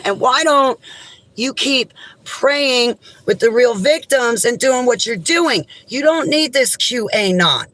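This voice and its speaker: A woman vlogger delivering an impassioned, indignant monologue straight to camera, swinging between raised outbursts and low, heavy statements. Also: moderate pace, fairly bright tone, low-quality recording.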